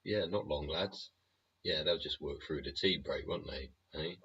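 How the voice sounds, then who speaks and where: A man's voice: a bass voice, a little slow, pushed and bright, a little hiss or hum. A man hosting his show in a sweary, rambling rant full of tag questions and chuckles. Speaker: show host. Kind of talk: casual ranting monologue. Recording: dull lo-fi recording.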